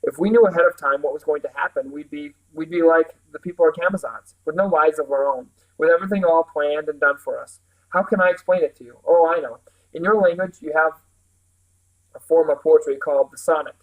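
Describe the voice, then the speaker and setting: A man's voice: a little high, a little fast, narrow, tinny audio, natural voice. A man reading aloud and voicing a stern, wise otherworldly woman who speaks formally and with measure.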